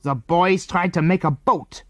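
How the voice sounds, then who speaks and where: A man voicing a suspicious, menacing foreign enemy man who interrogates children in a storybook reading, slow and commanding. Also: high voice, a bit bright, dry recording, voice pushed up. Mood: stern. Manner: stern, commanding, slow and deliberate.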